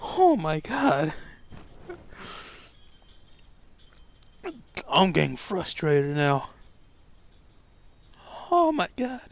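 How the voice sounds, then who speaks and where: A man voicing a nervous, flustered teenage boy who stammers in a high, strained voice. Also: steady tone, measured pace, pushed and bright, husky, exaggerated voice. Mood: frustrated.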